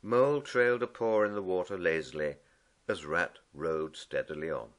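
A man reading a storybook aloud as narrator, slow and expressive. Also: low-pitched.

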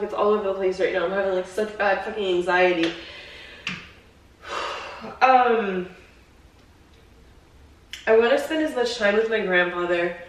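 A young woman vlogging into a handheld camera, rambling anxiously with lots of fillers and swearing. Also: mid-range voice. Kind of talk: casual handheld vlog. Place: home, then car. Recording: echoey handheld camera audio.

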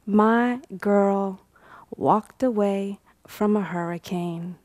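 A woman reads her poems at a university event in an unhurried, drawn-out cadence. Her lines repeat like a chant and at times sink to a whisper. The sound is close and dry, with little room in it. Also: mid-range voice, level tone, darkish tone, dry recording. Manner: rhythmic, incantatory repetitions, dropping at times to a whisper; chatty and laughing between poems. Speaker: poet reading her work. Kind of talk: live poetry reading.

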